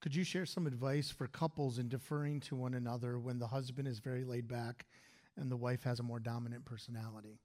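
A man reading out audience questions in a plain, even way. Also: mid-range voice, brisk. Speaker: question reader.

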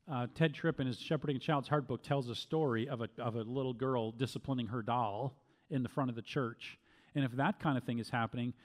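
A middle-aged man answering questions as a pastor, speaking calmly and measuredly, with frequent restarts. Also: medium pitch. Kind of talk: Q&A teaching talk.

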